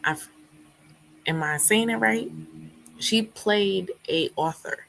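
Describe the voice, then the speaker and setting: A woman's voice: medium pitch, takes it slowly, gravelly, fairly bright tone, a little hiss or hum, low-quality recording. A young woman hosting a book club livestream, chatting casually and reading viewer comments, her voice still not fully back after laryngitis. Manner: chatty, laughs often, acts out quotes.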